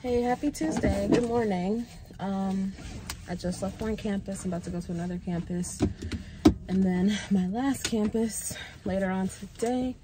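A woman's voice: medium pitch, normal speed. A woman chatting casually to her vlog camera, blunt and talkative, swearing freely and addressing viewers as "y'all". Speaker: vlogger. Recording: noisy background.

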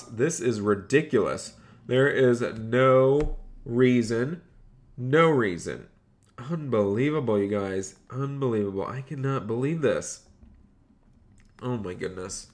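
A man's voice: medium pitch, a little slow, slight background noise. A man live-streaming a role-play game, chatting to viewers and playing a polite bank clerk.

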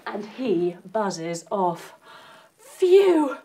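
A woman's voice: fairly high pitch, very animated, unhurried. A woman leading a children's yoga lesson as a story, playful and encouraging. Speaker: kids yoga teacher.

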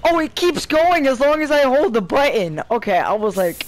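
A young man giving casual, rambling commentary while playing a fighting game, getting excited and shouting at the game. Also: very high-pitched, fairly quick, hardly any pauses, faint music behind. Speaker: gameplay commentator.

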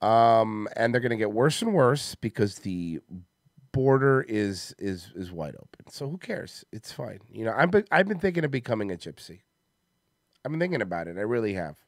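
A man's voice: lowish voice, very animated, moderate pace, no echo, studio quality. A man hosting a comedy podcast, rambling and joking in casual banter, worn out from a busy day. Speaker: podcast host.

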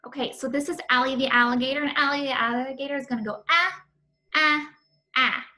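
A young woman teaching kindergarten phonics, saying each sound slowly and clearly to show it to children. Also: high voice, level tone, pushed and bright. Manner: slow, drawn-out sounds demonstrated with movements. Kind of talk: classroom phonics demonstration.

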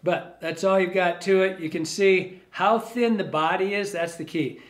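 A man giving a casual step-by-step fly tying demonstration, relaxed and rambling as he thinks aloud while working. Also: high-pitched, normal speed.

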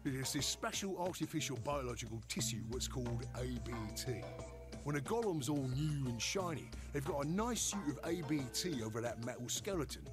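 A woman's voice: extremely low pitch, expressive, brisk, music in the background. Woman doing a chatty Cockney robot bloke. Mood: chummy. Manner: chummy, rambling, heavy slang. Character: chatty cockney male robot golem, excitable. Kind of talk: video game voice acting.

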